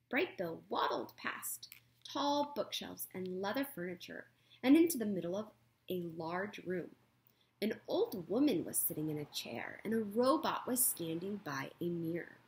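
Expressive woman reading a children's book aloud. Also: medium pitch. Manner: expressive and playful, correcting her own slips. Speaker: reader.

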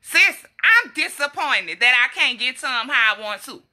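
Young black woman ranting to her viewers, bright sharp voice kinda high, slangy, laughs a lot. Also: moderate pace. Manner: blunt, animated, laughs often, slangy. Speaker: herbal health vlogger. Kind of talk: casual straight-talking live chat.

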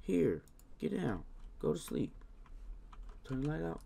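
A man giving casual let's-play commentary on a game, talking to the characters, slangy, with loud scolding bursts. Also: fairly high pitch, big pitch swings, measured pace, gravelly, a little hiss or hum. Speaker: gaming YouTuber.

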